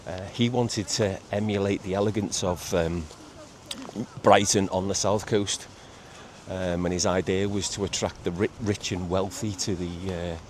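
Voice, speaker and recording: A middle-aged man, chatting casually in a walking vlog on a seaside promenade, halting with many repeats and fillers. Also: low-pitched, fairly even intonation. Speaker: vlogger. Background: faint outdoor ambience with traffic and seagulls.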